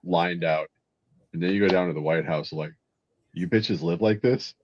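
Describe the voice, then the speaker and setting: A man's voice: low voice, moderate pace, a little hiss or hum. A man, a Marine veteran, joking crudely in casual chat. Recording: dry, dull lo-fi sound.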